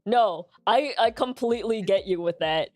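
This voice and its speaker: A woman's voice: mid-range voice, normal speed, a little mellow, dry recording, faint music behind. A young woman streamer chatting casually, coaching a friend on voice training and filling her speech with "like". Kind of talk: casual chat giving voice-training advice.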